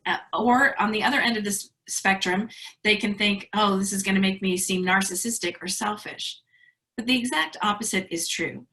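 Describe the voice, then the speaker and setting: A woman's voice: fairly high pitch, bright, forceful tone, rough recording. A woman giving an online presentation to educators, telling stories in a chatty way with fillers over a video call. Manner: conversational storytelling with fillers. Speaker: speaker at an educators' webinar.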